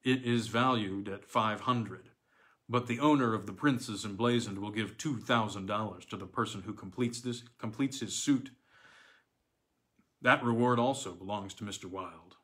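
A man reading an older armourer who speaks in a gentle, measured, concerned way. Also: lowish voice, lightly acted.

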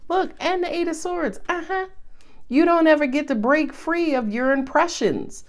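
A woman reads tarot cards in a casual, chatty way. She sounds lively and playful, and she talks straight to her viewers. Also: high voice, moderate pace. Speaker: tarot reader.

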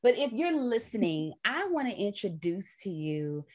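Effusive woman podcast host, lively pitch. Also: moderate pace. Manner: effusive, repeats "when I tell you", laughs often. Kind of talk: casual faith podcast chat.

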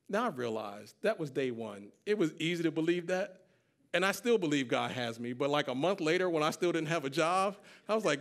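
A man's voice: a little high, lively intonation, fairly quick, a bit bright. A man in his thirties preaching a sermon as pastor, emphatic and conversational as he tells stories. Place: church.

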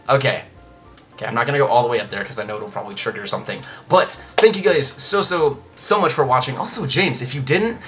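A man's voice: medium pitch, bright, forceful tone. A young man hosting a casual Let's Play, chatting and rambling with lots of restarts and side comments.

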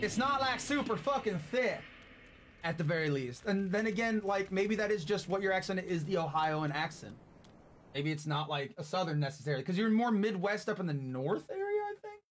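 Casual male streamer from the US West Coast, high pitch, rambling and profane, noisy game mix. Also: fairly bright tone. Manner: profane, rambling, chatting with viewers. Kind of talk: casual gaming stream chat.

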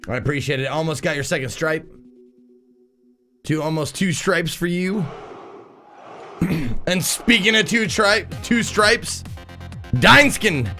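A man's voice: fairly high pitch, a little slow, long pauses, sharp tone, soft background music. A man casually chatting on a live stream, reading out viewer messages, swearing and laughing often. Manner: profane, laughing, reads chat aloud. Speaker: game streamer.

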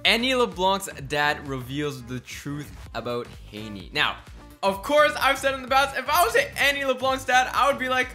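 A young man from Canada hosting a casual reaction commentary, jumping between murmured asides and loud exclamations. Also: high-pitched, lively intonation, normal speed, faint music behind. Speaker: YouTube commentary host.

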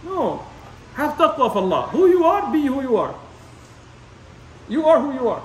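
A man's voice: very high voice, very animated, normal speed, a little hiss or hum. A man giving an Islamic lecture in a conversational, repetitive way, sprinkling in Arabic terms. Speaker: imam lecturer. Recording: echoey room, mic at a distance.

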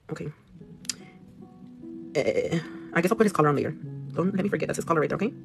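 A woman's voice: low-pitched, a little fast, gravelly. Chatty woman livestreaming her nail work. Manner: chatty, swears casually, mixes in Spanish, reads viewer comments aloud. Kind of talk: casual livestream chat while working. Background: music playing.

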